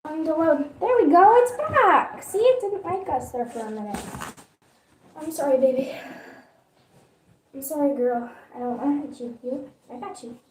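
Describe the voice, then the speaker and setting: A woman's voice: sits high, normal speed, long pauses, mellow. A woman live-streaming as she bathes her dog, cooing baby talk at it. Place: bathroom during a dog bath. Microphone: phone camera set down away from her. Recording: echoey bathroom, from far off, noisy.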